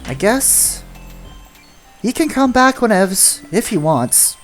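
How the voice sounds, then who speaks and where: A woman's voice: mid-range voice, sing-song, takes it slowly, faint music behind. A woman voicing a sassy, laid-back young mermaid in a video game, with drawling valley-girl slang. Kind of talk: reading game dialogue aloud.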